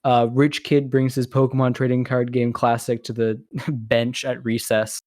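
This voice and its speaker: A man co-hosting a casual podcast, talking in a loose, rambling way and laughing often. His voice sits in a middling pitch, recorded close and dry with no room sound. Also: level tone, measured pace, darkish tone, no room sound. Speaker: podcast co-host. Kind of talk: casual chat.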